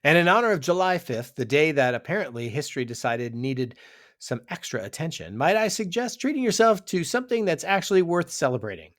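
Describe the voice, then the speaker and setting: A man's voice: on the high side, sing-song, fairly quick, a bit bright. A man co-hosting a podcast in casual scripted banter, upbeat and reading segues and sponsor lines. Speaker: podcast co-host.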